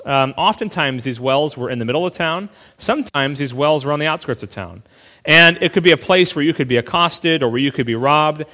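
Conversational preacher in an echoey hall. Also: male voice, mid-range voice, fairly bright tone. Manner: conversational, with asides and restarts. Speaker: pastor. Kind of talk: sermon.

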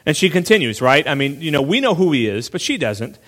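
A male pastor preaching a sermon in a relaxed, conversational way, full of asides and quick restarts. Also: a little high, long reverb tail.

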